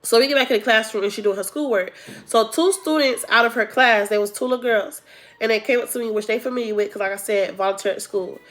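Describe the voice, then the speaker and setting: A young woman vlogger telling a casual storytime, animated and acting out the people she quotes. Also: fairly high pitch, fast.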